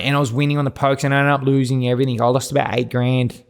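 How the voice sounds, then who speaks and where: Gravelly Australian man telling his story. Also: mid-range voice, fairly even intonation, quick pace. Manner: rambling, frank, swears, many restarts. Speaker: podcast guest. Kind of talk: candid personal storytelling interview.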